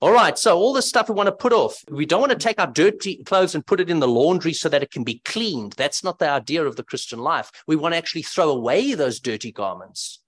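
A man preaching an expository sermon, emphatic and animated, asking rhetorical questions. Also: fairly high pitch, fairly quick, hardly any pauses.

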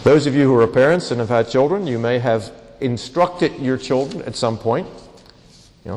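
Male pastor, mid-pitched, teaching sermon with acted-out examples; long hall reverb. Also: lively intonation, normal speed, a little hiss or hum. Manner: teaching verse by verse, with acted-out everyday dialogue.

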